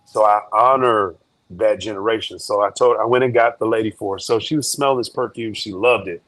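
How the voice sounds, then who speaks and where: A man, a guest in an interview, telling a story in a joking, slangy, animated way. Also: fairly low pitch, a little fast, no echo.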